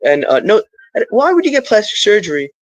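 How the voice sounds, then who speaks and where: Middle-aged guy rambling on a live stream, kinda high voice, wanders off into god talk. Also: wildly swooping pitch, fairly quick, dry recording, rough recording. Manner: rambling, stream-of-consciousness with spiritual asides.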